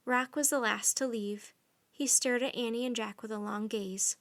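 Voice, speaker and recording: A woman reading a children's story aloud in soft, even narration. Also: on the high side, normal speed.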